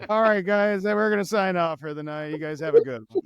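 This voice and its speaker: A man's voice: sits high, normal speed, vocal fry, clean tone, dull audio. A man co-hosting a podcast, chatting casually, swearing freely and saying y'all, with a sponsor read. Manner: laid-back, swears casually, says y'all. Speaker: podcast co-host.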